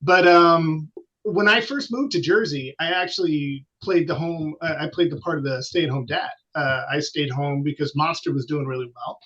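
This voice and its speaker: A man's voice: fairly high pitch, normal speed, a bit bright. A children's author in casual conversation, a man with an easygoing, self-deprecating way of talking. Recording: dull lo-fi audio.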